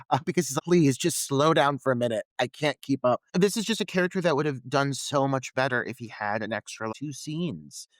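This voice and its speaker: A man co-hosting a podcast, giving relaxed, wry commentary on a film with plenty of filler words. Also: mid-range voice, no echo. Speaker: podcast co-host. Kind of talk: casual film discussion.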